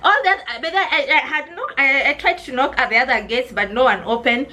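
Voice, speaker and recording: Young Kenyan woman vlogger, bright high voice, emotional storyteller who keeps repeating herself. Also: brisk, low-quality recording. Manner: emotional, addresses viewers as guys, repeats herself. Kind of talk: personal storytelling vlog.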